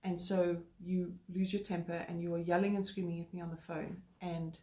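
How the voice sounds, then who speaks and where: A woman co-hosting a relationship talk, explaining calmly and earnestly with filler words. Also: on the low side, normal speed. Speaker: co-host. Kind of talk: casual chat. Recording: roomy echo.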